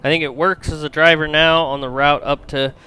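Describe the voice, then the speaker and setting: Grumpy lady tinkerer, read out by a guy, curt and bright-voiced, snaps about her machines. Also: fairly high pitch, little pitch movement, brisk, clean tone. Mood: chatty. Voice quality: curt, grumbling. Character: gruff grumbling female artificer, irate yet proud.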